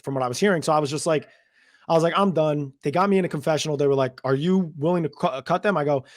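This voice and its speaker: A man's voice: a little high, fast, no room sound, clean studio sound. Chatty man from New Jersey. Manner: rambling, animated retelling with many "I was like" quotes. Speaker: interview guest. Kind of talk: casual storytelling interview.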